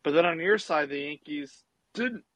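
A man's voice: fairly high pitch, normal speed, fairly bright tone, no echo, lo-fi sound. A man co-hosting a podcast, chatting casually and rambling with lots of restarts and fillers. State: has the hiccups. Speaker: podcast co-host. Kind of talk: casual sports chat.

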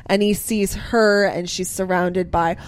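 Woman, casual movie chat, slow and measured delivery, medium pitch. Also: steady tone, a little hiss or hum.

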